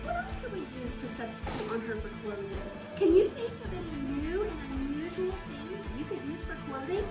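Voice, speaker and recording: A woman kindergarten teacher reading a storybook aloud and asking the children questions in an animated way. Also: high voice, a little fast, over loud music, low-quality recording. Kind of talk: storybook read-aloud and lesson.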